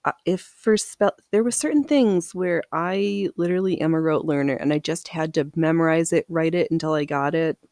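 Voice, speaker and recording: A woman's voice: low-pitched, moderate pace, a little mellow, no room sound. A woman hosting a casual live sewing stream. She laughs often and reads viewer comments aloud as she works. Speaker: livestream host.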